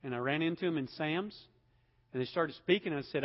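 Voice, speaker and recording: A man preaching a sermon as pastor, emphatic, swelling to loud peaks and dropping low again. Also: fairly quick. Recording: dull sound with long hall reverb.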